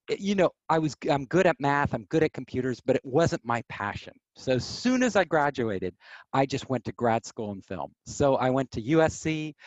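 A man telling stories as an interview guest, animated, acting out quoted voices. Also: medium pitch, no echo, lo-fi sound. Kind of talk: casual storytelling.

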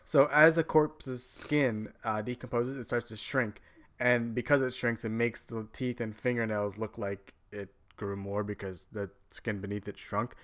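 A man's voice: medium pitch, fairly even intonation, unhurried, fairly bright tone. A man co-hosting a podcast, casually explaining stories in a blunt way and swearing freely. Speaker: podcast co-host. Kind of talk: casual chat.

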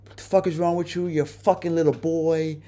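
A man voicing a furious young woman who yells and curses at her partner. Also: a little high, little pitch movement, brisk, pitched above the performer's own voice, close to an everyday voice. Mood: angry accusing. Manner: yelling, accusing, cursing. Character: furious shrieking young woman, an angry girlfriend.

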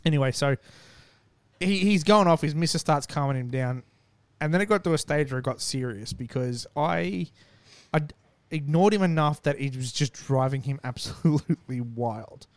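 A man's voice: on the high side, moderate pace, dry recording. A man casually telling a long, profane story and acting out what people said. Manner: animated, profane, acts out quotes.

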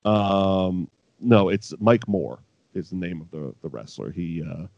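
A man co-hosts a casual podcast about wrestling. He rambles and swears, with laughing asides. His voice sits low, and the recording is dry and dull. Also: a little slow, vocal fry, a little mellow, no echo. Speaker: podcast co-host. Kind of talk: casual wrestling recap chat.

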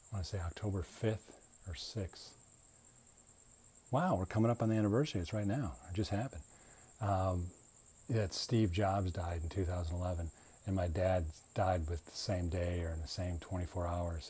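A middle-aged man hosts a podcast and tells a personal story. He rambles and jokes, often breaking off mid-thought. His voice is deep, husky and mellow. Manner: rambling, jokey, self-interrupting. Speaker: podcast host. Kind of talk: casual storytelling.

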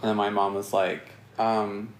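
A man's voice: on the low side, little pitch movement. A man hosting a podcast, chatting casually and teasing his guest with crude jokes. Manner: joking, teasing, quick to crude punchlines. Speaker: podcast host. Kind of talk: casual crude comedic chat. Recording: roomy echo.

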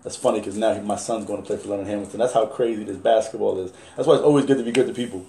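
Animated, profane basketball coach in a roomy space. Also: male voice, lowish voice, very fast, vocal fry. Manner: animated, profane, acts out quoted exchanges. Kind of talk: casual podcast storytelling. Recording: roomy echo.

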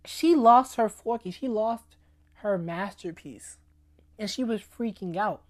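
A woman's voice: medium pitch, slow pace, a little mellow. A woman giving a casual faith talk, speaking conversationally and often checking in with "right?". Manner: conversational, keeps asking "right?" and "you know what I'm saying?".

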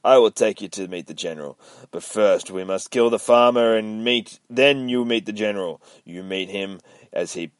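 A man's voice: on the low side, normal speed, no echo, natural voice. A man voicing a boastful, hostile male enemy soldier making blunt, gloating threats.

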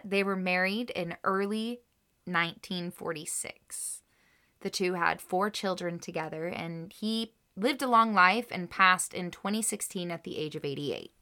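A woman's voice: mid-range voice, sharp tone. A woman co-hosting a podcast, reading a researched story and quotes aloud, then reacting emotionally to them. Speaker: podcast co-host telling a story. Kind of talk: casual chat with read-aloud history and quotes.

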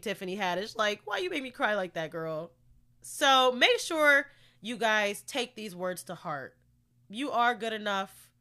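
Bright-voiced chatty woman podcast host. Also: mid-range voice, sing-song, measured pace. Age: young adult. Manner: chatty, opinionated, uses fillers like "you know" and "like". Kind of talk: casual solo podcast commentary.

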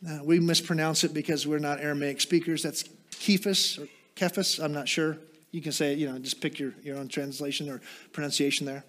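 A man preaching a sermon, asking rhetorical questions and moving into quiet, explanatory teaching with small self-deprecating asides. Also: fairly high pitch. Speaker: pastor.

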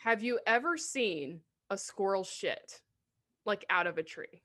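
A woman's voice: medium pitch, expressive, measured pace, sharp tone. A woman co-hosting a casual podcast chat, playful and jokey, swearing freely. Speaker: podcast co-host.

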